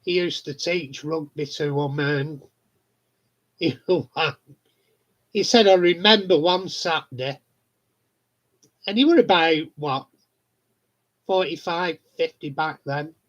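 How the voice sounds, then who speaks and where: A man telling stories in a relaxed, unhurried way, his voice a touch high for a man. He swears freely and laughs often. The recording sounds dull and lo-fi. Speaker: live stream host. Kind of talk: casual chat.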